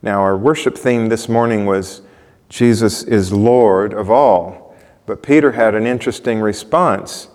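A man preaching a sermon in a relaxed, conversational way, often putting questions to the congregation. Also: on the low side, a little slow. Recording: long reverb of a large hall.

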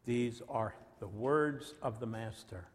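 A man preaching a sermon, reading scripture dramatically and dropping to a hush at moments. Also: medium pitch, slow pace. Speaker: pastor. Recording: long reverb of a large hall.

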